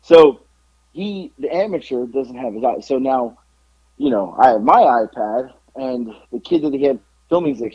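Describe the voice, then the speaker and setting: A man co-hosting a podcast, slightly hoarse from yelling, telling animated stories in casual chat. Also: medium pitch, moderate pace, no room sound, lo-fi sound. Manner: animated storytelling, yelling out quotes. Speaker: podcast co-host.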